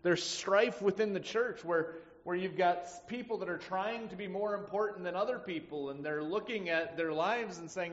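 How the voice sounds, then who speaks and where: A man preaching a sermon, emphatic, swinging between loud stresses and quiet asides. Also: high voice, lively intonation, a little fast, hardly any pauses. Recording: muffled sound with long hall reverb.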